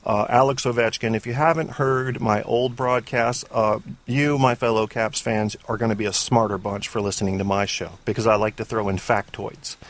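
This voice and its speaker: Opinionated male sports talk host. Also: on the low side. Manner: opinionated, rambling, profane. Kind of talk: casual call-in sports talk show.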